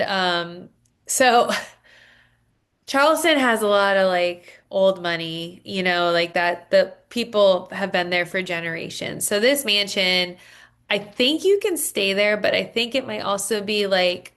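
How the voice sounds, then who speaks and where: A woman co-hosting a casual podcast, rambling through a story in relaxed chat. She leans on fillers and asides as she talks. Her pitch sits in the middle. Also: slow, smooth. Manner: chatty storytelling with many fillers. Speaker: podcast co-host.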